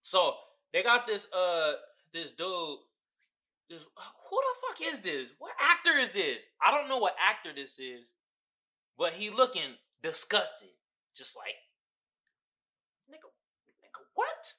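A man hosting a podcast, riffing on memes in casual comedic commentary. He swears freely, laughs often and swings between loud whoops and low mutters. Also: wildly swooping pitch, a little slow. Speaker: podcast host.

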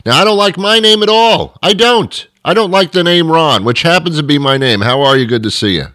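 A man hosting a show, talking in a rambling, self-mocking comic monologue that drifts between quiet asides and louder rants. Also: on the high side, a little fast, few pauses, no room sound, clean studio sound. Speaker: host.

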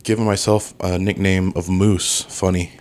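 A man's voice: low voice, flat delivery, normal speed, a little mellow. A man, a stand-up comedian, chatting as a guest on a comedy podcast in a dry, laid-back way.

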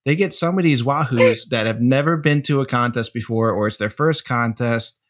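A man's voice: mid-range voice, moderate pace, a bit bright. A man, the host, chatting casually with jokes and blunt, crude asides. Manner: joking,喜 reacts with laughs and crude asides. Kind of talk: casual chat.

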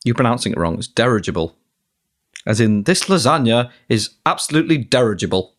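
A man's voice: mid-range voice, lively intonation, fast. A man co-hosting a podcast, trading dry teasing banter in casual chat. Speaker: podcast co-host.

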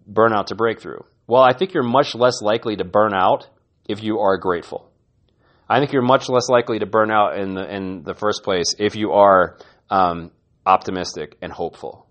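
A man hosting a podcast, giving an earnest, encouraging motivational talk and often repeating his words. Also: lowish voice. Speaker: podcast host.

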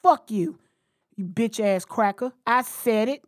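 A woman's voice: fairly high pitch, measured pace, no room sound, clean studio sound. A woman hosting a podcast, talking bluntly and heatedly, with frequent profanity. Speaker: podcast host. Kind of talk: casual podcast chat.

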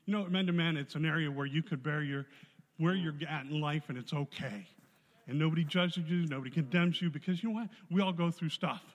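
A man giving a spoken testimony to a church congregation, telling his story in a lively way and acting out the voices in it. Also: on the high side, fairly quick. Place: church hall. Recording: long hall reverb.

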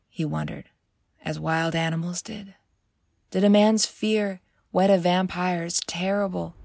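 Casting: low-voiced woman narrator, measured and expressive, gravelly texture, soft music behind. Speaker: author and narrator. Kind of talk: storybook narration.

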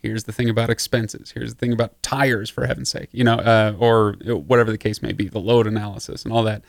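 A man's voice: fairly low pitch, level tone, a little fast, creaky, no room sound, clean studio sound. A man co-hosting a business podcast in an easygoing, chatty way, wrapping up with plugs for listeners. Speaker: podcast co-host. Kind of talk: casual podcast chat.

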